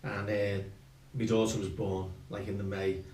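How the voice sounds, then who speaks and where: A man's voice: lowish voice, level tone, normal speed, a little mellow. An older man telling rambling, self-mocking stories from his youth as a guest musician. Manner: rambling anecdotal, self-mocking, with colloquial slang. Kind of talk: storytelling. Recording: roomy sound, distant mic.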